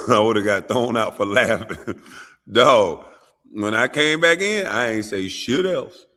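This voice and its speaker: A man hosting a show, talking in casual, animated and profane commentary. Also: on the low side, slow pace. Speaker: show host.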